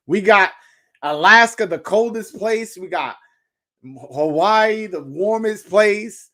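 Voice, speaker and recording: A man's voice: sits high, takes it slowly. A man hosting a casual boxing chat, brash and profane as he tells stories. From Brooklyn, New York. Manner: brash, loud, profane storytelling. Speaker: podcast host.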